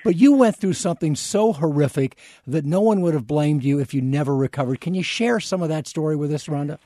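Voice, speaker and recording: A man's voice: a little high, brisk, warm tone, no room sound, studio quality. A man co-hosting a radio show, introducing a guest with upbeat enthusiasm. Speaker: radio co-host.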